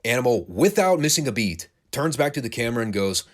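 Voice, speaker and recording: A man giving a casual recap of old wrestling shows, animated, laughing and swearing freely. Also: medium pitch, fairly quick, few pauses. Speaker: wrestling show reviewer.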